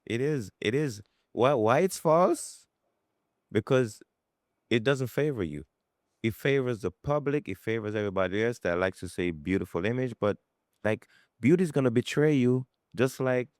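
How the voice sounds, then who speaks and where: A man's voice: mid-range voice, darkish tone, dry recording, clean studio sound. A man hosting a podcast interview, reflecting aloud and repeating words as he builds a point. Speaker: podcast host. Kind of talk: casual interview.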